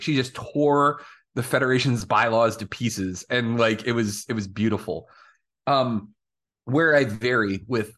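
A man co-hosting a fan podcast, chatting excitedly and swearing freely. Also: medium pitch. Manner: excitable, swearing, acts out characters in quotes. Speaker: podcast co-host. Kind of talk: casual fan chat.

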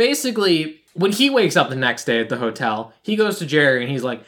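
A woman co-hosting a podcast, casually recapping a show and acting out the characters' lines in quick little voices. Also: very deep voice, expressive, a bit bright. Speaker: podcast co-host.

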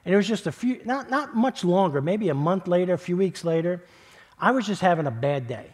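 Middle-aged male pastor from New York, slightly high voice, conversational sermon storytelling with repeats and quiet hushed stretches. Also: lively intonation, fairly quick. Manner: conversational, repeats words, builds then drops to a hush.

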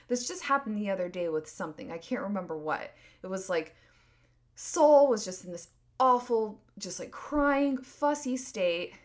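A woman's voice: mid-range voice, expressive, moderate pace. A woman in her thirties hosting a solo podcast, talking earnestly and rambling, full of "like" and restarts. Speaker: podcast host. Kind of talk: casual solo podcast monologue.

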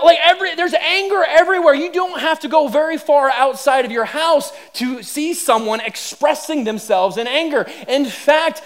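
Man, pastor, sermon, high-pitched voice, earnest, stammering restarts. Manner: earnest, stammering restarts, builds to animated emphasis.

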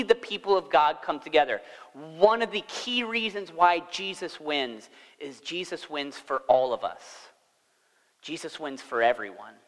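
A man's voice: fairly high pitch, fairly bright tone, long reverb tail, low-quality recording. A man preaching a sermon in a church, talking conversationally and asking the congregation questions. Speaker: pastor.

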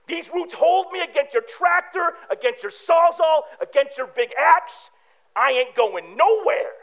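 A stubborn big old tree, as a preacher puts it on, boasting in a slow, defiant drawl. The voice sits very high and swings widely in pitch. It comes through a dull, muffled recording. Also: male voice, expressive, vocal fry, exaggerated voice.

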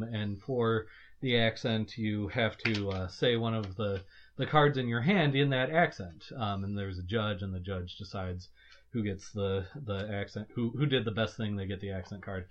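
Man, podcast host, mid pitch, mock-formal, lo-fi sound. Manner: mock-formal, addresses "gentle listener". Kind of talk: casual chat.

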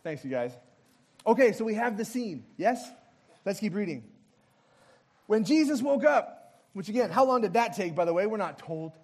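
High-pitched guy preaching, playful, getting the crowd to act the scene out with him. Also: sing-song, normal speed, long pauses, darkish tone. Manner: jokey asides with light laughs. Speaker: pastor. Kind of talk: interactive sermon.

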